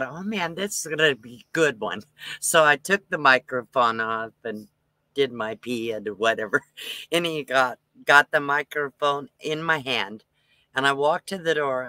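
A man's voice: mid-range voice, sharp tone, dry recording. An older man hosting a livestream, telling a rambling story casually and chuckling often between lines. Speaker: livestream host.

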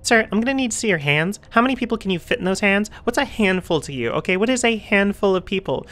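A woman's voice: mid-range voice, lively intonation, fast, a bit bright. A woman casually commenting while she plays a video game, goofy and chatty, joking with the characters. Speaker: game streamer. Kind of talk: let's play commentary.

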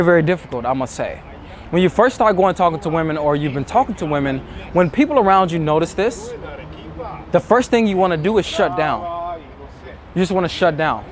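A man talking as a dating coach, emphatic and acting out the inner thoughts of nervous men. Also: fairly high pitch. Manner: emphatic, acts out inner thoughts in quoted asides. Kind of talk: motivational talk to camera.

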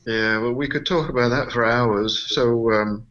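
A man's voice: mid-range voice, steady tone, measured pace, fairly bright tone, lo-fi sound, slight background noise. Man moderating a panel, hesitant. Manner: hesitant, repeats words while searching for phrasing.

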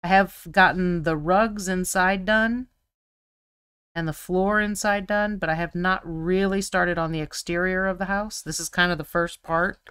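A woman's voice: lowish voice, steady tone, a little slow, fairly bright tone, clean tone, no room sound, studio quality. A woman co-hosting a live miniature painting stream, chatting casually while she paints and gets absorbed in fine details.

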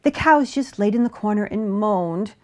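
A woman reading a children's picture book aloud with an expressive, animated delivery. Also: mid-range voice, moderate pace. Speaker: storybook reader. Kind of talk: children's story read-aloud.

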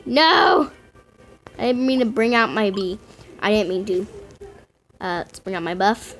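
A woman giving casual game commentary to her viewers in an excitable way, often squealing and gasping. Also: mid-range voice, unhurried, a little hiss or hum. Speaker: gaming video host.

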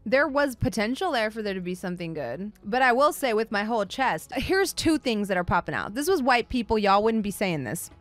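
A woman's voice: medium pitch, animated, a little fast, hardly any pauses, dry recording. Blunt, sarcastic woman ranting. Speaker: streamer and comic book show host. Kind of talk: casual opinionated review.

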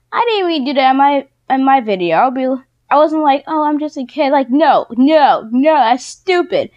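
A young woman YouTuber ranting indignantly in a casual vlog, quick and exasperated. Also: high voice, lo-fi sound.

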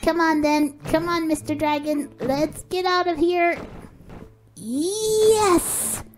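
A woman giving excitable let's-play commentary, gasping and cooing at her pet as she narrates her play. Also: extremely high pitch, slow, music in the background. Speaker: game video creator.

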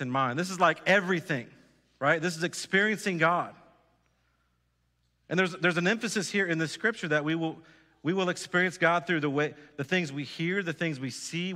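A man's voice: a little high, sharp tone. Preaching man in a reverberant church. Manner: earnest preaching with repeated phrases and direct questions to the congregation. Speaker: pastor. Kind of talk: sermon. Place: church sanctuary.

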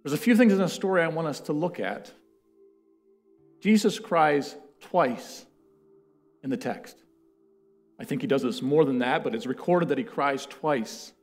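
A man preaching a sermon and reading scripture aloud, swinging from loud declarations to hushed words. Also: a little high, animated, measured pace, long pauses, soft background music.

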